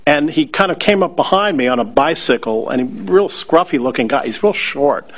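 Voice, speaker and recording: Brief: middle-aged man from New Orleans, wry anecdotal speaker, slightly higher voice, hesitant delivery. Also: expressive, moderate pace, a bit bright. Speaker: law school faculty member. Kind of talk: personal storytelling talk to an audience.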